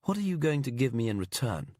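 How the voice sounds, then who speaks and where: A man voicing a creepy imprisoned killer with a put-on English accent that slips into Aberdonian, smug and slow, then whiny. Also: mid-range voice, sing-song, darkish tone, no room sound, clean studio sound. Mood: smug, sinister. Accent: put-on English slipping into Aberdonian. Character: creepy male killer prisoner, slithery and childish.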